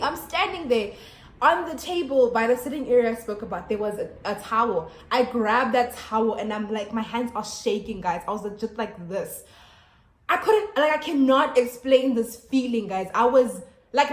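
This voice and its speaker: A young South African woman telling a storytime vlog to her camera at home, chatty and animated with lots of fillers and restarts. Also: on the high side, moderate pace. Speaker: YouTuber. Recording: echoey room.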